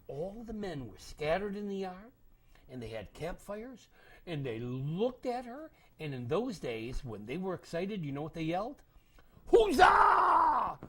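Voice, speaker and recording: An older man telling a story to children, dramatic and animated, dropping to whispers and acting out voices. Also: a little high, slight background noise.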